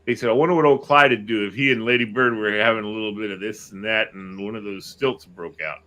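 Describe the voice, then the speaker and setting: A middle-aged man, co-hosting a casual chat show, who tells stories with lively acted-out quotes. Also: fairly low pitch, fast. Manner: animated storyteller, acts out quotes.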